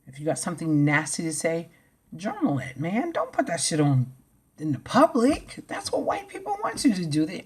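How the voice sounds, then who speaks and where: A woman vlogger ranting to camera, blunt and profane, swinging from loud outbursts to low mutters. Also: huge pitch swings, moderate pace, husky. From United States.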